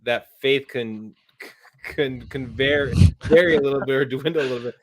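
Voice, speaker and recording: A man's voice: mid-range voice, steady tone, normal speed. A man hosting a podcast, asking thoughtful, hesitant questions with restarts. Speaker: podcast host. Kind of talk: interview questions.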